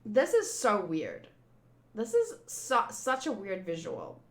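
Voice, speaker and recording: A woman's voice: medium pitch, wildly swooping pitch, slow pace. A young woman in her twenties hosting a casual manga readthrough, chatting and reacting as she reads. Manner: chatty, thinks aloud, reacts. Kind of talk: casual reading commentary.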